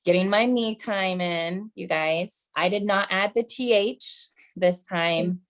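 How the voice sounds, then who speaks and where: A woman's voice: mid-range voice, slow. A woman in her thirties doing a stand-up set, chatty and self-mocking, often calling the crowd "you guys". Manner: self-mocking mom jokes. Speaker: stand-up comedian.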